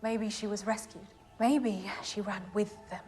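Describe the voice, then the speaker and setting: A composed, wary young woman, played by an actress in a TV drama. Her delivery is measured and quiet at a middle pitch, with faint music underneath. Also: fairly even intonation, natural voice. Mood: cool. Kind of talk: TV drama dialogue.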